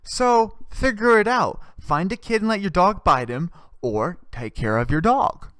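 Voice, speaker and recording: A man's voice: high-pitched, animated, a little slow, a bit bright, dry recording, studio quality. A man hosting a comedy podcast, delivering a profane, rambling and sarcastic rant. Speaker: podcast host.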